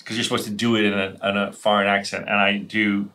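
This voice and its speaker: A man's voice: on the low side, flat delivery, fast, pushed and bright, a little hiss or hum. A man co-hosting a podcast, casually recapping an episode and rambling with laughs. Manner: rambling, laughing, acting out scenes. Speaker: podcast co-host.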